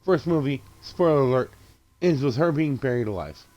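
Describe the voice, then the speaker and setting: A movie reviewer gives a loose, unscripted recap of a horror film he just saw, swearing freely and stumbling into restarts. He excitedly acts out quick bits of the characters' lines in an ordinary mid-pitched voice, and the highs of the recording are cut off.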